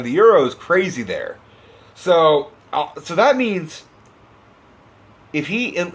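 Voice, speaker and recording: Profane, impassioned young man ranting. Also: on the high side. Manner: profane, sarcastic, impassioned, acts out characters mid-rant. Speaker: movie reviewer. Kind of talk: ranting movie review.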